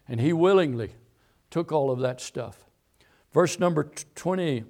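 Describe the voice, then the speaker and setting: Fervent preacher, rising to a shout. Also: male voice, a little high. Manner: builds from calm teaching to shouted, fervent preaching; repetitive, halting restarts. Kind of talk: sermon. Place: rural, works in a barn.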